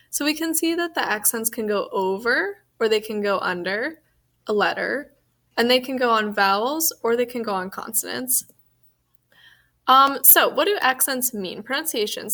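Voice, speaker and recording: A young woman with a slightly high voice narrates a recorded slideshow lesson as a French teacher. She explains patiently and casually, with plenty of ums. It sounds like a voice-over spoken into a computer mic. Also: fairly bright tone.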